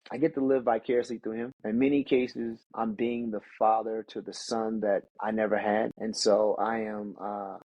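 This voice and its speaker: A man's voice: lowish voice, slightly rough, dry recording, highs cut off. A middle-aged man, a podcast guest, talking candidly and earnestly about raising his children, restarting his sentences as he goes. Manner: earnest, storytelling, restarts often. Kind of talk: candid reflective conversation.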